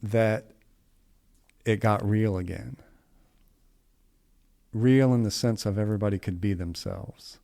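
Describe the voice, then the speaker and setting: A middle-aged man tells a story on a podcast in a relaxed, folksy way. He rambles and restarts, and tosses in asides as he goes. His voice sits a bit low. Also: slow pace, creaky, pauses often. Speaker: podcast co-host. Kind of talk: casual storytelling chat.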